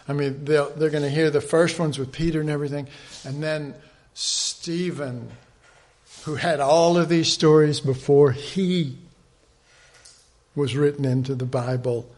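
A man with a fairly high voice leads an informal Bible study, rambling conversationally and restarting often. He frequently drops into a soft, earnest hush.

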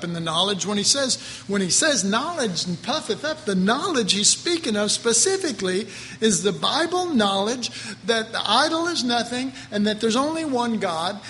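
Bright high-voiced man teaching the Bible. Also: in a large hall, a little hiss or hum. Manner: folksy, chuckling asides, conversational preaching. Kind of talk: sermon.

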